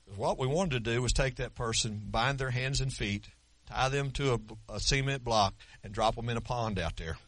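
Forceful folksy preacher in his sixties. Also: medium pitch, normal speed, dry recording. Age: 60s. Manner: folksy storytelling with humor. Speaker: pastor. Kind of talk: sermon.

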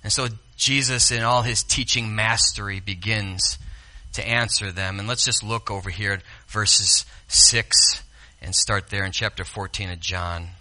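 Preaching as pastor in a church sanctuary, this man speaks at medium pitch with lively intonation. Soft asides alternate with quotes he delivers loudly and drawn out.

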